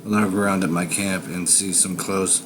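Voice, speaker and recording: Guy with a really low voice telling a creepy forest story, slow menacing drawl, noisy background hiss. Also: steady tone. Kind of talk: first-person scary story narration.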